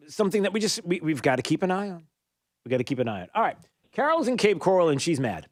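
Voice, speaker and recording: A man from New York hosting a call-in radio talk show, chatty and rambling with quick asides. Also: medium pitch, dry recording, clean studio sound.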